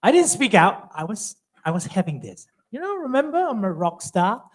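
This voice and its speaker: A man's voice: sits high, big pitch swings, moderate pace. A pastor from Myanmar speaking English with a Burmese accent. He leads a Bible study as a chatty storyteller, acting out the dialogue of his own stories.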